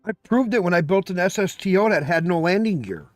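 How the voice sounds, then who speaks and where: A man's voice: sits high, expressive, a little fast, no room sound, studio quality, soft background music. A man chatting casually on a live stream, emphatic and profane, ranting with exasperation.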